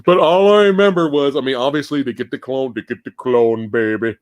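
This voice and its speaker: A man hosting a live movie podcast in casual chat, animated and profane, laughing often. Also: mid-range voice, fairly quick, dry recording, highs cut off. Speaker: podcast host.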